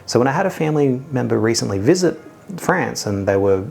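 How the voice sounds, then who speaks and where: An Australian man with a mid-pitched voice hosts a casual whisky review video. His talk is chatty and self-mocking, with jokey asides along the way. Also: lively intonation, fairly quick, creaky, darkish tone, faint music behind. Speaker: whisky reviewer, channel host.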